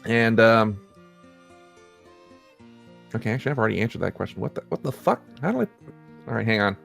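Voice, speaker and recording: A man's voice: on the low side, expressive, a little fast, gravelly, a bit bright, soft background music. Rambling laid-back male podcast host. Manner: rambling, self-correcting, laughs often. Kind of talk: casual chat.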